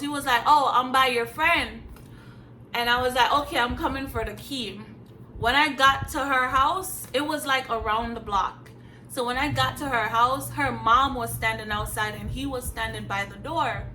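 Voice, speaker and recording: A young woman tells her own story straight to camera, blunt and emphatic with casual slang. Her voice sits a little high and sounds bright and sharp. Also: slight background noise, poor audio. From Jamaica. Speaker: vlogger. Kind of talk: candid storytime vlog.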